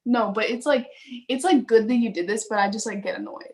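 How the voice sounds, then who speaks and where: An eighteen-year-old woman talking with her father as a guest. She speaks quietly and hesitantly, with lots of fillers. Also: fairly high pitch, a little fast. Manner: soft-spoken, hesitant, many fillers. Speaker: guest, singer. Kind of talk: casual family conversation.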